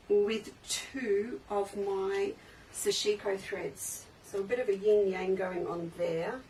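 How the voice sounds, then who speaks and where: A woman hosting a casual live sale from her sewing shop, chatty and enthusiastic, often trailing off and restarting sentences. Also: medium pitch. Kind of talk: casual live-stream sales chat. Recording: slightly distant mic with faint background noise.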